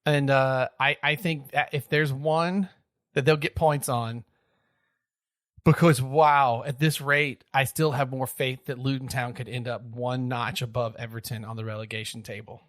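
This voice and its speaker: A man's voice: medium pitch, measured pace, no room sound. Brief: male podcast co-host, joking banter, dry close recording. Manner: laughs easily, animated banter. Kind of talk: casual sports chat.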